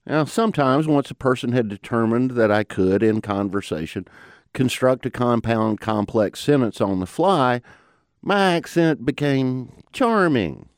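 A man with a Southern mountain twang, hosting and narrating a scripted program in a measured, folksy way. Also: mid-range voice, animated, no echo, studio quality. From American South. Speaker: host.

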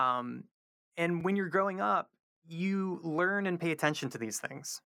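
Southern man, academic guest, thoughtful and halting, gravelly but bright tone, dry close mic. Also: fairly high pitch, dry recording. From American South, North Carolina. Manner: thoughtful, many fillers and restarts. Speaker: linguistics professor guest. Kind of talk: radio interview answers.

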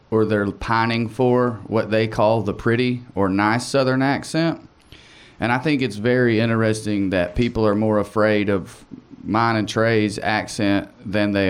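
Blunt Appalachian man, low voice. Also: clear, resonant tone. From Tennessee. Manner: blunt, profane, joking. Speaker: comedian guest. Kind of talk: casual conversation.

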